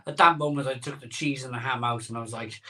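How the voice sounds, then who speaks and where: A man's voice: medium pitch, fairly even intonation, quick pace, pushed and bright, far from the mic. A man hosting a live beer-drinking show, telling a rambling story in casual chat and repeating his phrases as he goes.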